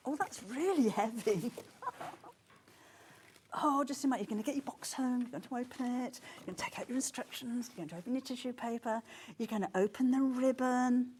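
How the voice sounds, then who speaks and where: Excitable woman presenting live sales. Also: fairly high pitch, a little fast, slight background noise. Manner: excitable, gasping and exclaiming over sales. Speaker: shopping channel presenter. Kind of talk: live TV selling. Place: TV studio.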